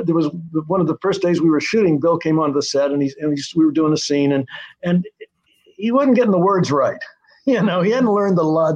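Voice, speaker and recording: A man's voice: fairly high pitch, a little mellow. An older man talking as a guest about his screenwriting, telling stories in a rambling way with many hesitations. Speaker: guest, TV writer-director. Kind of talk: casual interview chat. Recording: dull lo-fi sound.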